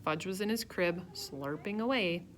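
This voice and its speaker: A woman reading a children's chapter book aloud, telling it in a lively first-person voice. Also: lowish voice, measured pace, a little hiss or hum. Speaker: reader. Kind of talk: storybook narration.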